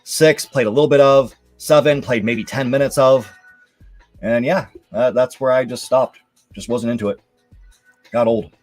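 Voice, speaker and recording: A man's voice: medium pitch, normal speed, faint music behind. Casual rambling man hosting a live show. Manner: relaxed, rambling, lots of fillers. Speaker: show host. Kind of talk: casual live-stream commentary.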